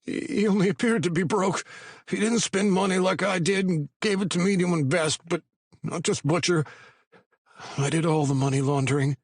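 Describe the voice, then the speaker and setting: A man voicing a frightened male money launderer who stammers in a high, shaky voice. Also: moderate pace, slightly rough, no room sound.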